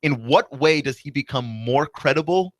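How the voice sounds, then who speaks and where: A man's voice: medium pitch, moderate pace, dry recording. A young man co-hosting a radio podcast, chatting casually in a wry, skeptical way. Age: young adult. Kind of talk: casual chat. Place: radio studio.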